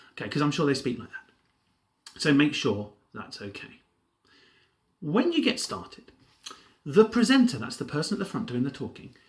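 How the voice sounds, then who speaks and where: Animated man leading a drama class. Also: mid-range voice. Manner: lively and animated, with playful character voices. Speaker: drama workshop leader. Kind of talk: home drama lesson, playing a TV presenter.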